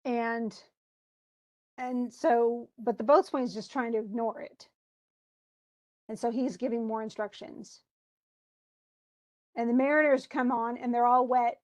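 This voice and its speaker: A woman's voice: fairly high pitch, fairly even intonation, measured pace, long pauses, darkish tone. A woman lecturing a class on a play in a chatty way, often restarting and reading lines aloud with emphasis. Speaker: teacher.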